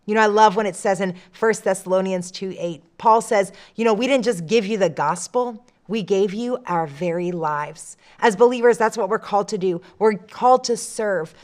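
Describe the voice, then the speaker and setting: A woman giving a short church devotional, earnest and expressive, dropping soft and slow when she reads scripture. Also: medium pitch.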